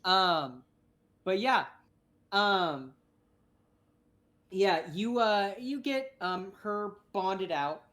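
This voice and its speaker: A woman's voice: mid-range voice, animated, very slow, long pauses, a bit bright. A woman narrating a tabletop game as game master, chatty and rambling, swearing casually.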